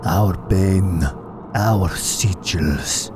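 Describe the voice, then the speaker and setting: A man voicing an ancient, vengeful drowned spirit in a slow, solemn horror monologue, deep and partly whispered. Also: noisy background. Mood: grim solemn. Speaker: narrating entity in an analog horror video.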